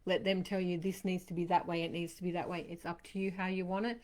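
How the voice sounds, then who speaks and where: A woman hosting a live-streamed tarot card reading, chatting warmly to viewers by name and passing on reassuring messages. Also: on the low side, steady tone, fast. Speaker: tarot reader.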